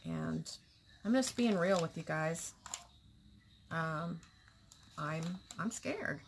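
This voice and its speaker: Woman, casual vlog, slow pace, nervous, candid, halting speech, drops to whispers, faint background hiss. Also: low voice, animated, creaky. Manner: halting, with many restarts and pauses. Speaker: vlogger.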